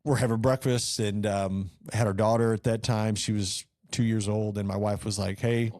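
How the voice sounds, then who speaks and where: A middle-aged man from rural northeast Missouri speaks in a fairly low voice, telling his founding story in earnest, rambling fashion with many fillers and restarts. The sound is dry and close, with little room to it. He talks casually, as a guest on a podcast. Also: level tone, normal speed, darkish tone, no room sound.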